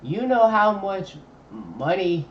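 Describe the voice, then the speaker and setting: Un homme qui commente une vidéo en direct, avec un ton décontracté et un argot détendu. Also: male voice, high voice, big pitch swings, takes it slowly, slight background noise. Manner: laid-back slangy chatter, thinking aloud. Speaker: streamer. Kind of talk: casual live-stream reaction commentary. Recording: dull lo-fi mic with faint ambience.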